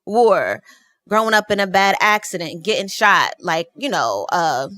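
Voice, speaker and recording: A woman's voice: lowish voice, sing-song, unhurried, sharp tone. A woman from New Jersey, a podcast guest in a studio, chatting casually and often laughing as she talks.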